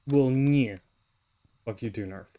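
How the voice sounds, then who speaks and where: A man's voice: medium pitch, slow pace, warm tone. A man livestreaming a game, chatting casually and rambling to his viewers while he plays. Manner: rambling, talks to chat while playing. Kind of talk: casual live gameplay chat.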